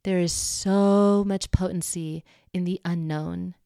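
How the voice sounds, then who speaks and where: A woman's voice: fairly low pitch, steady tone, slow pace, creaky, warm tone, clear, resonant tone, no room sound, clean studio sound. A young woman hosting a podcast, talking casually and animatedly to her listeners, often laughing and swearing lightly. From United States. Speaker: podcast host. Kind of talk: casual personal monologue to listeners.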